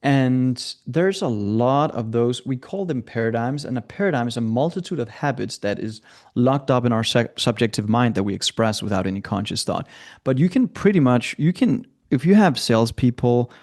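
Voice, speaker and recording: A middle-aged man, a coach and guest, telling stories in an animated way and acting out the people he quotes. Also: medium pitch, normal speed. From Scandinavia. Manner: lively, acts out quoted voices. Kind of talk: animated storytelling.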